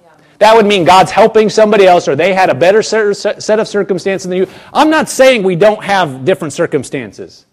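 A man with a high voice delivers a sermon from the pulpit. He speaks emphatically, repeating phrases and circling back with restarts as he presses each point. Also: animated, a little fast. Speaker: pastor.

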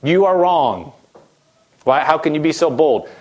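A man's voice: fairly high pitch, lively intonation, a little slow, darkish tone. A man preaching a sermon in a direct, conversational way, acting out quoted objections as he goes.

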